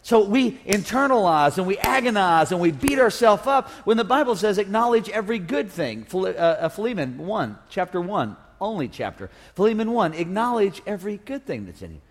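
Male pastor, high voice, playful call-and-response preaching, reverberant sanctuary. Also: big pitch swings, brisk, hardly any pauses, a little hiss or hum. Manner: humorous, call-and-response with congregation. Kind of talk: sermon. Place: church sanctuary. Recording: long reverb of a church hall.

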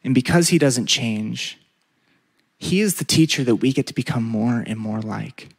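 A man's voice: medium pitch, animated, gravelly, husky. A man preaching a sermon, stretching out repeated words for emphasis and leading the congregation in call-and-response. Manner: emphatic, drawn-out repetitions, leads call-and-response. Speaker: pastor.

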